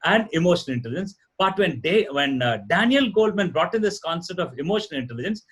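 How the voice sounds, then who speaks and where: Speaking fast and animatedly, a middle-aged Indian guest speaker who works as a corporate trainer delivers a lecture-style talk show answer at a live audience event. In his husky, fairly high voice and Indian English accent, he explains earnestly and emphatically, repeating himself to drive points home.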